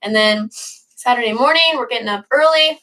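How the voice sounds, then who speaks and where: A woman's voice: on the high side, moderate pace, pushed and bright. Young woman, late teens, livestream host; casual, chatty, upbeat, rambling. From northern United States. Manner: chatty, rambling, upbeat, reads comments aloud. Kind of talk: casual livestream chat reading viewer comments.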